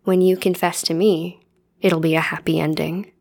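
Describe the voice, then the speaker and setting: A woman voicing a cheeky, smirking teenage boy who speaks in a teasing, sly way, a bit lower than her own voice. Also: flat delivery, moderate pace, gravelly, darkish tone. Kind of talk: reading fan fiction aloud.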